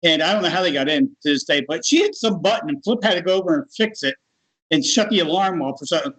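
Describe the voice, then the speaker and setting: American man, middle-aged, slightly high voice, lively storytelling, laughs easily. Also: fast, poor audio. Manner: animated, laughs while telling. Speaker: guest. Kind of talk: casual storytelling.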